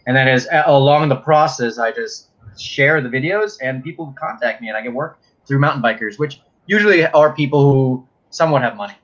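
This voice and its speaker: A man chatting casually as a guest on a livestream, relaxed and rambling, often trailing off. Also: medium pitch, brisk, dull audio. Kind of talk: casual chat.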